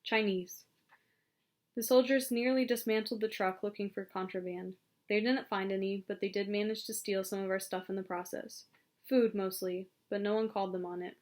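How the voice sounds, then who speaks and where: A woman narrating an audiobook in a calm, even storytelling manner. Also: medium pitch, brisk. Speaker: audiobook reader.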